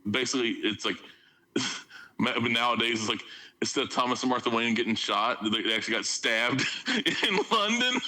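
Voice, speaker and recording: A man's voice: medium pitch, expressive, normal speed, pushed and bright, low-quality recording. A man co-hosting a podcast, talking in a loose, rambling comic way with frequent laughs and restarts. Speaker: podcast co-host. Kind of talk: casual comedic chat.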